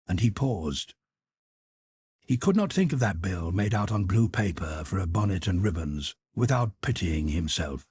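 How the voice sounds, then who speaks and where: Husky male audiobook narrator. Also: low voice, expressive, moderate pace, darkish tone, no room sound, clean studio sound. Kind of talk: scripted narration.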